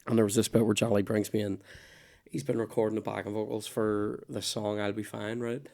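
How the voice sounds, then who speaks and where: A man's voice: fairly low pitch, flat delivery, brisk, gravelly, darkish tone. A man hosting a podcast in casual chat, a rambling storyteller who swears freely and keeps losing his thread, with a nagging cough. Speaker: podcast host.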